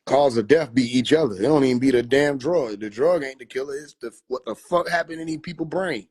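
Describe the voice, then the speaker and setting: A man's voice: medium pitch, brisk, a little mellow, slightly rough. A man chatting casually on a phone livestream, loose and profane, laughing often. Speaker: livestream host.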